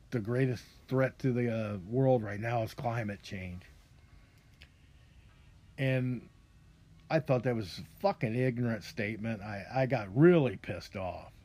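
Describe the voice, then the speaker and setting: A man delivers a long, rambling opinion rant as a podcast host. His talk is heavy with profanity, and he keeps stopping and restarting his sentences. His voice sits at an ordinary middle pitch for a man. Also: dark tone. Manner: profane, ranting, frequent restarts.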